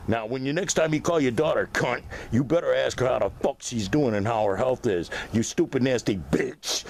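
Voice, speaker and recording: A man's voice: mid-range voice, creaky, a little hiss or hum. A man delivering an aggressive, profane, insulting rant directly at someone he is angry with.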